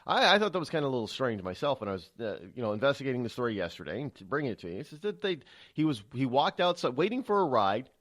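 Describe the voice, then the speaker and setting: A man's voice: mid-range voice, very animated, fast, a bit bright. A man hosting a talk radio show, giving solo political commentary in a rambling, indignant way, often repeating and restarting words. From United States.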